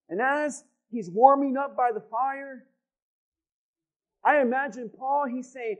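High-voiced pastor preaching slowly. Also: male voice, a little mellow. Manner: emphatic repetition and rhetorical questions to the congregation. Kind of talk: sermon. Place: church. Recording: dull lo-fi sound.

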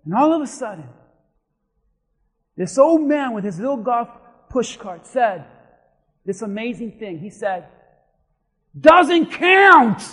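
High-voiced man preaching in a reverberant church. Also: measured pace, long pauses, husky. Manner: animated storytelling, swings from hushed to shouting. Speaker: pastor. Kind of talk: sermon. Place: church sanctuary.

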